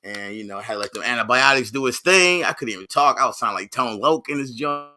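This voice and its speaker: A man's voice: mid-range voice, fast talker, bright, forceful tone. A man hosting his own sports vlog, talking casually and energetically in slang and often repeating himself.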